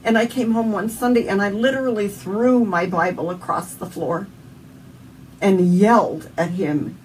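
A woman's voice: mid-range voice, steady tone, measured pace, a little mellow. Earnest Southern woman sharing a testimony. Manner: earnest, heartfelt storytelling. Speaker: interview guest. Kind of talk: emotional personal testimony. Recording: distant mic with faint background noise.

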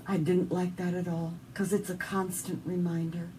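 A woman's voice: fairly low pitch, flat delivery, normal speed, distant mic, noisy background. A woman with a Southern US accent sharing an earnest, emotional personal faith testimony as an interview guest.

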